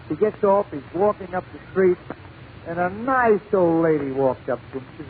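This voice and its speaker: A male comedian telling jokes in a 1940s radio monologue, with punchy, brisk storytelling. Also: high voice, animated. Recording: tinny lo-fi 1940s radio broadcast with faint hiss.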